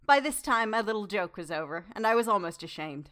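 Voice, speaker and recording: A woman narrates a classic novel in the first person, keeping her reading measured and demure. Her voice sits in a middle register, neither high nor low. She takes on the heroine's own voice as she reads. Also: animated, fairly bright tone. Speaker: audiobook narrator.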